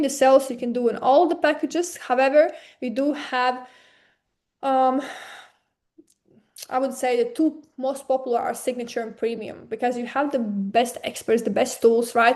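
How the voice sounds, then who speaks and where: A woman presenter with a non-native accent, pitching packages in an eager, persuasive way over a webinar. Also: a little mellow. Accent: non-native English. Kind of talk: sales pitch.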